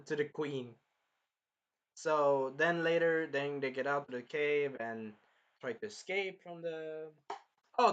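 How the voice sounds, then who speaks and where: Excitable man with a bright voice. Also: on the high side. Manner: excitable, rambling, jumping between plot points. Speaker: anime reviewer. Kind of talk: casual episode recap.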